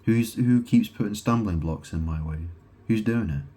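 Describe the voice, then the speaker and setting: A man's voice: fairly low pitch, normal speed, warm tone, husky. A man talking straight to camera in a rambling monologue, swearing freely, repeating himself, breaking off and restarting, and firing rhetorical questions at the listener. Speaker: self-proclaimed god vlogger.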